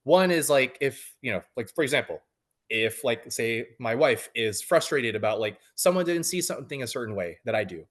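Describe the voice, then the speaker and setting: A man's voice: mid-range voice, expressive, normal speed. A man in his thirties, a coaching client, talking casually in an interview with many fillers and restarts.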